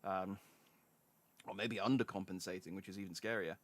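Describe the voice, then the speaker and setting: A man's voice: low-pitched, fairly even intonation, moderate pace, dry recording. A young man chatting casually and joking while playing a game on a stream. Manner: chatty, jokey. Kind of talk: casual gameplay commentary.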